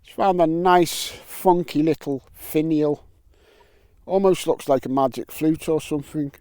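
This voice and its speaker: A man's voice: a little high, unhurried, warm tone, clean tone, no echo. A man filming his metal detecting vlog outdoors on a windy island, joking, bantering and swearing as he goes. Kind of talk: casual vlog commentary. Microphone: camera mic with wind muff.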